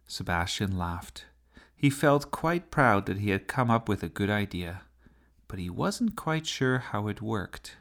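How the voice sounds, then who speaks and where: A man narrating a children's story with a gentle, unhurried reading style. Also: lowish voice, lively intonation.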